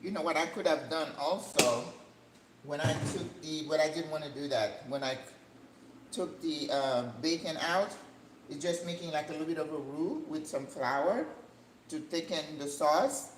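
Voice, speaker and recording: An older woman hosting a cooking channel, chatting casually as she cooks in her home kitchen, rambling and breaking into excited high notes. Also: normal speed. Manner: chatty, rambling, with sudden excited jumps in pitch. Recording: echoey room with faint background hum.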